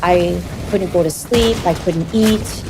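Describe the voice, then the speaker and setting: Woman w a lowish voice telling her life story, halting and confessional, loud noise behind. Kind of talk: personal life story in an interview.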